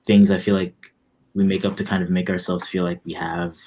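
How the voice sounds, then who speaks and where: A young man in his twenties, a musician guest in a casual interview, talks fairly quickly in a low voice. His manner is relaxed and rambling, full of fillers.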